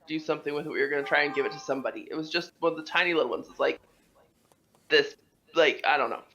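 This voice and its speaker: A young woman co-hosting a podcast, telling a story in casual chat with lots of swearing and animated delivery. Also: lowish voice, dull audio. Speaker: podcast co-host.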